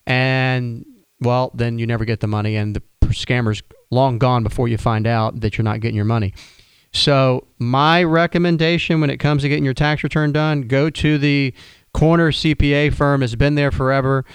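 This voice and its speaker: A man's voice: medium pitch, little pitch movement, moderate pace, clean tone, no echo. A man hosting a radio advice show, talking casually in a folksy, conversational way with frequent restarts. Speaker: radio show host, financial planner.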